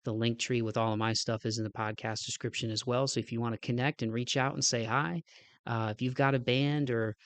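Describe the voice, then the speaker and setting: A man's voice: medium pitch, flat delivery, brisk, no room sound. A man hosting a podcast, a casual outro, with a nasal, stuffed-up voice, a little out of breath, talking in an earnest, rambling way and often adding "man.". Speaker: podcast host.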